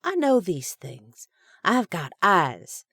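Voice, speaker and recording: A grumpy, precocious little boy with a slow, dry, indignant delivery, as a woman reads him out. The voice is raised above her usual low pitch and sounds dry and close. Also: wildly swooping pitch, fairly bright tone, dry recording, heavily acted.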